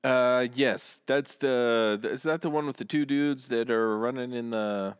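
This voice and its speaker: A man's voice: mid-range voice, measured pace, smooth. A man as a podcast co-host in casual chat, mostly backing up his partner with short replies. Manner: supportive listener with short interjections.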